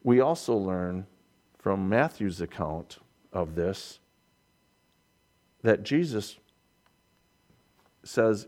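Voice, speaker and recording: Male preacher, sermon delivery, emphatic, slow and measured. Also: low voice, lively intonation, darkish tone. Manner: emphatic, repeats key lines for weight.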